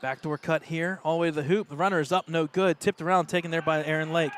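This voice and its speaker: An American man doing live play-by-play of a high school basketball game, excitable and openly rooting for the home team. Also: fast talker, hardly any pauses, a little hiss or hum. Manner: excitable, partisan, rising pitch on plays. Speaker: play-by-play announcer.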